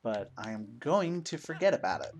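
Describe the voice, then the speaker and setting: A man's voice: medium pitch, big pitch swings, moderate pace, a little mellow. A man commenting casually as he plays a video game, rambling and joking at his own expense. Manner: self-deprecating, joking, rambling. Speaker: let's play host.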